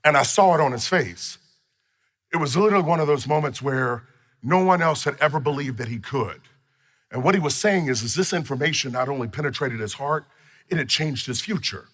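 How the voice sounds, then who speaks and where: A man's voice: medium pitch, expressive, fairly quick, fairly bright tone. A man teaching a personal finance course in an emphatic, storytelling way with playful asides. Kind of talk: motivational teaching talk.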